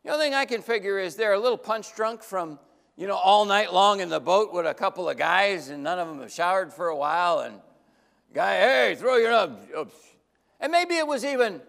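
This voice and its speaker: Preaching at a normal speed, a high-pitched male pastor tells a lively, dramatic story, voicing each character differently. His voice has vocal fry and rings with long reverb, like a large church sanctuary.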